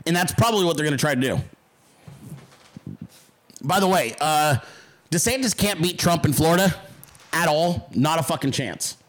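A man with a high-pitched voice hosts a casual livestream. He talks in a blunt, combative way and swears freely. Now and then he mocks critics in exaggerated voices. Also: lively intonation, normal speed, pauses often. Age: adult. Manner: mocks callers in put-on voices. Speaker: podcast host.

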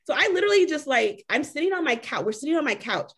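A woman co-hosting a casual chat, telling a story in an animated way full of "like" and acted-out quotes. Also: sits high, fast. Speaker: podcast co-host.

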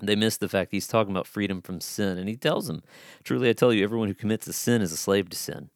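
A man's voice: on the low side, animated, fast, no echo, studio quality. A man preaching a sermon in an earnest, conversational way, posing rhetorical questions to his listeners. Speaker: pastor.

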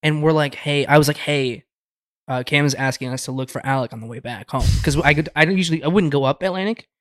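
Joking young man with a slightly high voice. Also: fast, a bit bright, dry recording, studio quality. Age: young adult. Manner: joking, swears casually, chimes in. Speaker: co-host. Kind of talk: casual podcast chat.

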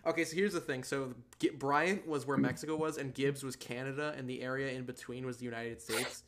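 A man's voice: mid-range voice, steady tone, fairly quick. Rambling teenage guy telling crude stories. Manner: rambling, profane storytelling with loud bursts of laughter. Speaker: podcast co-host. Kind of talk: casual chat.

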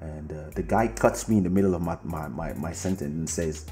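A man's voice: extremely low pitch, fairly even intonation, brisk, hardly any pauses, mellow, echoey room, faint music behind. A man hosting a podcast who tells a story casually, laughing often, swearing freely and turning to address a friend. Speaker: podcast host. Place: home studio during a live stream.

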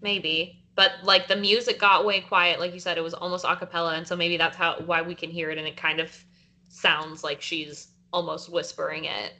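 Bright-voiced woman in casual chat. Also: on the low side, flat delivery, normal speed. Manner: chatty, many likes and restarts. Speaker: podcast co-host leading a song discussion.

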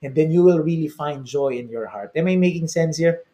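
A man with a Filipino accent preaching in an energetic, rhetorical sermon style, checking in with his listeners and repeating his key lines for emphasis. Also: fairly high pitch, fairly quick. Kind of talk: sermon-style motivational talk. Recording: roomy echo.

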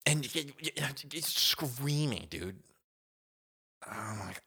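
A young man hosting his own podcast, telling a casual story in a slangy, animated way, dropping to whispers and jumping to shouts as he acts it out. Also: medium pitch, slow, creaky, long pauses, breathy edge. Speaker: podcast host.

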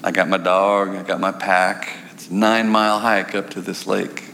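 A man's voice: sits low, flat delivery, moderate pace, vocal fry, a bit bright. A man preaching a storytelling sermon, wry and conversational, turning earnest and weary. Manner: wry, conversational, then pleading and worn out. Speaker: pastor. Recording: echoey hall, faint noise.

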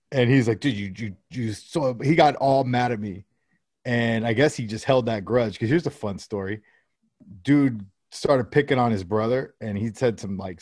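A man's voice: lowish voice, a little mellow, no room sound, studio quality. A man, likely in his thirties, telling a rambling, profane story about his kids in casual chat. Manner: rambling, profane anecdote-telling with quoted dialogue.

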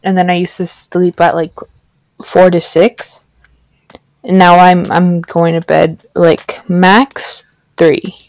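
A woman's voice: fairly low pitch, flat delivery, slow pace, darkish tone, no echo. Young woman, giggly, laughs mid-sentence, dry close recording. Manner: giggly, laughs through her words. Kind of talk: casual chat.

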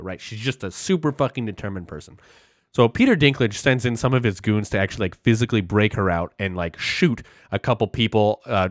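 A man recapping a movie in a casual podcast chat, animated and heavy on the swearing as he rambles through the plot. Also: mid-range voice, no echo, studio quality. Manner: animated, profane, rambling storyteller.

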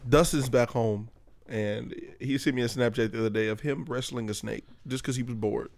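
A young man in casual banter with friends, telling animated, profane stories. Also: mid-range voice, normal speed, gravelly.

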